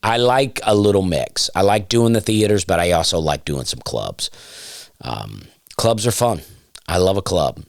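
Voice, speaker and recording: A man with a smooth, low baritone voice hosts his own comedy podcast. He rambles casually with dry, self-deprecating asides, and the sound is close and dry, with no room around it. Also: lively intonation, measured pace, dry recording. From Alabama. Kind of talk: casual solo podcast monologue. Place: home, during nap time.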